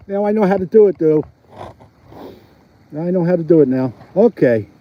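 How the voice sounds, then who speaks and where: With a high voice, lively intonation, and normal speed, a middle-aged Philadelphia-accented man livestreams while ice fishing on a windy frozen lake. He talks casually to viewers and laughs a lot, and the phone on his chest makes the recording dull and a little lo-fi.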